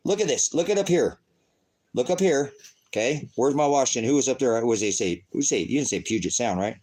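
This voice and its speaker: A middle-aged man talks over a screen share like a self-made online preacher. His delivery wanders, circles back with rhetorical questions and flares into cussing, all in a plain mid-pitched voice. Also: lively intonation, brisk, darkish tone, poor audio. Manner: rambling, rhetorical questions, profane outbursts. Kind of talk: casual livestream commentary.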